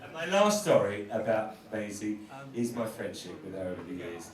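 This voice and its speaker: A man's voice: fairly low pitch, very animated, moderate pace. A man performing as a drag queen comedian, delivering a camp, bawdy stand-up roast on a live stage. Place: live pub venue stage. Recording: echoey venue, mic at a distance. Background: laughing crowd.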